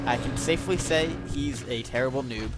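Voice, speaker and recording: A man's voice: mid-range voice, a little fast, low-quality recording. Laid-back male game caster, music behind. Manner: laid-back, wry teasing. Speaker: esports caster. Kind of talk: game commentary.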